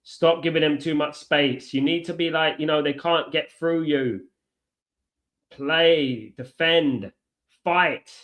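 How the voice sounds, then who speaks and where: A man hosting a live football watchalong, chatty, reacting to play and giving shout-outs to viewers. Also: on the high side, slow pace. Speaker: watchalong host.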